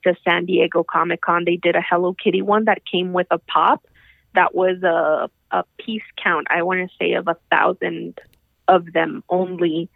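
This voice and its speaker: A woman's voice: fairly low pitch, creaky, no echo. Chatty woman on a tinny call line. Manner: animated, chatty, swears casually. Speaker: podcast co-host. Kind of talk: casual chat. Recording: tinny phone-like call audio.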